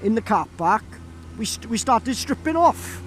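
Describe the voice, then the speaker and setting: Welsh-accented young man, very high-pitched, easygoing vlogger spinning a yarn outdoors with faint road noise. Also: big pitch swings, moderate pace. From Wales. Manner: chatty, laughing storyteller with many fillers. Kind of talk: casual anecdote.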